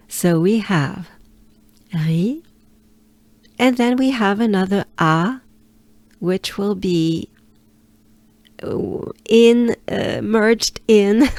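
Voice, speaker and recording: A French woman with a French accent coaches pronunciation at an unhurried pace, her voice carrying a gravelly fry. She repeats each sound to demonstrate and slips into a breathy near-whisper to explain. The recording is dry and close, with no room sound. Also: medium pitch, a little mellow, dry recording. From France. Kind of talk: pronunciation lesson.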